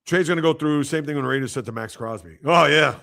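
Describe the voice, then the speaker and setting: A man hosts a casual sports livestream in a raised, gravelly voice. He rambles and fires off rhetorical, exasperated questions. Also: on the high side, quick pace, pushed and bright.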